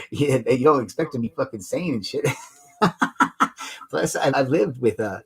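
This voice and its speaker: A man's voice: medium pitch, animated, measured pace, breathy edge, rough recording. A young man recorded on a desktop microphone at home, talking in a rambling, profane, streetwise way and calling the listener "dude.". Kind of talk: casual monologue vlog. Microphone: desktop USB microphone.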